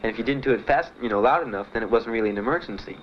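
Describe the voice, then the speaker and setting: Older man, interviewee, halting and plain, fillers throughout; dull, slightly noisy archival audio. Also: medium pitch. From Miami. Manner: plain, halting storytelling with many "uh"s and "you know"s. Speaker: Vietnam veteran interviewee. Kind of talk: personal recollection in an interview.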